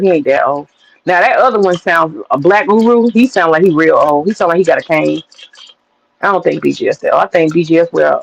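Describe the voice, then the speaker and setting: A woman's voice: lowish voice, gravelly, dull audio. A woman from the American South, hosting a livestream and ranting in a blunt, profane, wisecracking way. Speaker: livestream host. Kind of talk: casual commentary rant.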